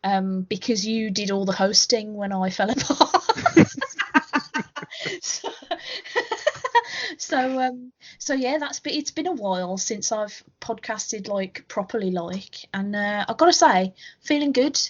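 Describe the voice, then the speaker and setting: A woman's voice: mid-range voice, lively intonation, takes it slowly, highs cut off. A woman co-hosting a casual podcast chat, giggly and self-deprecating, with a sweary streak. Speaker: co-host.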